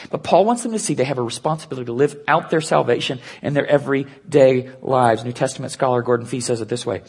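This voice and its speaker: A man preaching an earnest sermon, dropping to a hush and slowing down to stress key points. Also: medium pitch, gravelly, slightly rough. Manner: earnest preaching with hushed, slowed emphasis. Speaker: pastor.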